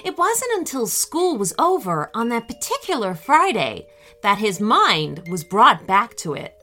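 A woman narrating a children's storybook in a gentle, expressive and unhurried way. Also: a little high, faint music behind.

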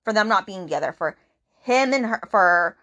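A woman talking through a book's plot for her podcast in a loose, chatty way. She rambles, doubles back with fillers, and slips into quick acted-out quotes from the characters. Her voice sits at a middling pitch. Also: animated, sharp tone, lo-fi sound. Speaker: book podcast host. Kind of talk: casual book recap.

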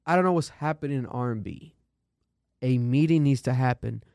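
A man co-hosting a casual show, swearing freely and mocking performances in animated commentary. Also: mid-range voice, fairly quick, gravelly, no echo, studio quality. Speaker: co-host.

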